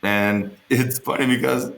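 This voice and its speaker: A man's voice: medium pitch, steady tone, measured pace, vocal fry, fairly bright tone, reverberant. A man being interviewed, telling rambling, joking stories in a casual way and swearing freely. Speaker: interview guest. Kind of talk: casual storytelling on an online interview.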